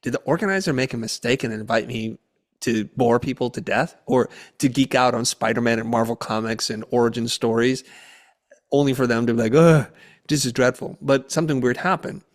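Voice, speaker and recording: Man telling a story with animated quotes. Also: mid-range voice, fairly quick. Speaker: guest speaker. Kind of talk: conversational storytelling.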